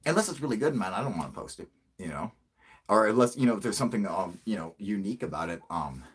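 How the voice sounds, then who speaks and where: A male channel host in casual livestream chat, a profane, excitable storyteller who laughs a lot. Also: fairly low pitch, fast talker, slightly rough.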